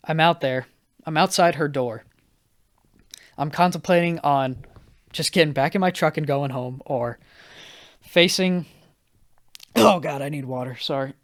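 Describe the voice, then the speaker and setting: A young man hosting a solo podcast, telling a rambling, self-mocking story and acting out what people said in raised voices. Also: on the high side. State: high and anxious. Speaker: podcast host.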